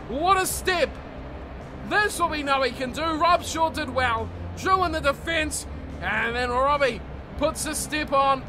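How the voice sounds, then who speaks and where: A very high-voiced man calls rugby play-by-play for a video game. He shouts as the big plays unfold and calms down to sum them up. Loud music plays underneath his commentary. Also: a little slow. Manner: surges into shouting on big plays, calmer in analysis.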